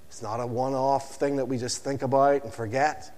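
A man preaching an evening sermon, slow and emphatic, with dramatic pauses and phrases that sink low and quiet at the end. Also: steady tone, in a large hall.

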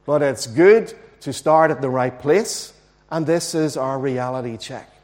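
A man preaching a sermon in a church, earnest and emphatic, slowing down to stress key words. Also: mid-range voice, darkish tone. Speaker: pastor.

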